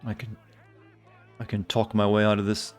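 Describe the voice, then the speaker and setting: A man's voice: lowish voice, completely flat delivery, normal speed, soft background music. A man streaming a video game, joking and rambling in casual commentary.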